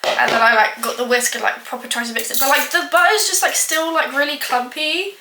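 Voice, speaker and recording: A woman's voice: sits high, brisk, sharp tone. A young woman chatting casually while baking in her kitchen, rambling and self-mocking, with plenty of filler words. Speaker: baking vlogger. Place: home kitchen. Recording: echoey kitchen with clattering dishes.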